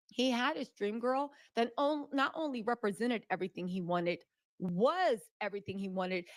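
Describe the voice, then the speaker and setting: A woman's voice: high-pitched, no room sound. A woman co-hosting a casual talk stream, explaining gossip in a confident, matter-of-fact way. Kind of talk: casual podcast commentary.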